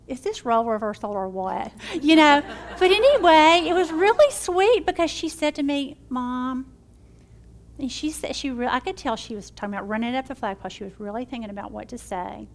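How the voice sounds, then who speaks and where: Woman with a gravelly edge. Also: a little high, a little hiss or hum. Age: middle-aged. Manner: warm storytelling, shifts between excited and hushed. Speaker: Bible study teacher. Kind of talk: devotional teaching and prayer.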